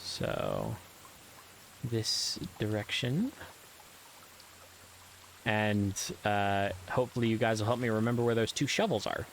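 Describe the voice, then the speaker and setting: A man's voice: fairly low pitch, expressive, slow pace, gravelly, pauses often, a little hiss or hum, low-quality recording. A man giving casual, rambling commentary while playing a video game, with frequent ums and uhs and self-deprecating asides. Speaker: let's play gamer.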